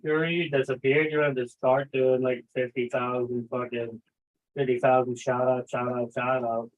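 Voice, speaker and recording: A man's voice: mid-range voice, level tone, normal speed. A man hosting a casual livestream, rambling, swearing freely and reading chat messages aloud. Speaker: livestream host. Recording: tinny phone-like audio.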